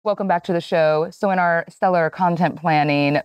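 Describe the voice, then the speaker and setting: Frank low-voiced woman podcast host. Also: steady tone, normal speed, clear, resonant tone, dry recording. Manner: chatty, teasing, frank. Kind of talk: casual podcast chat.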